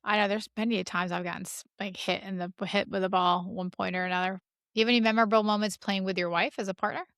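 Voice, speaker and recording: A woman's voice: medium pitch, steady tone, quick pace, fairly bright tone, no echo, studio quality. A woman hosting a podcast, asking questions in a chatty, encouraging way and laughing easily. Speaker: podcast host. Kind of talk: casual interview chat.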